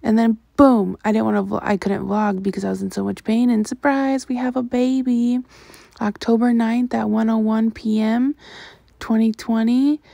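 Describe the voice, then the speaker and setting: A woman's voice: on the high side, little pitch movement, moderate pace, vocal fry, dark tone, no echo. A young woman vlogger narrating a casual year recap over her clips, chatty and rambling with many ums and self-corrections.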